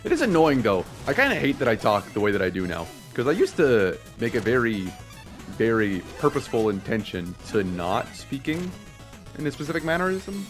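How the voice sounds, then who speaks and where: A young man giving rambling, excitable commentary while playing a video game, joking, swearing and laughing at himself. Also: mid-range voice, a little fast. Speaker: let's play host. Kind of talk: casual gameplay commentary. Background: faint game music.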